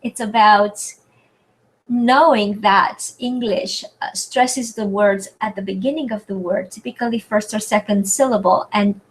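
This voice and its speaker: A French-accented woman tutoring over a video call, her voice sitting at a middling pitch. She talks haltingly, trailing off and filling gaps with ums as she hunts for words. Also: fairly even intonation, low-quality recording. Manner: hesitant, searching for words with many fillers. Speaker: French tutor hosting a webinar. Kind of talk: live online Q&A lesson. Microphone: computer mic on a video call.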